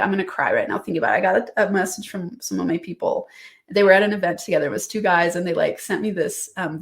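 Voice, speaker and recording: A woman hosting a motivational business podcast, talking straight to the listener in an upbeat, direct coaching manner. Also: medium pitch.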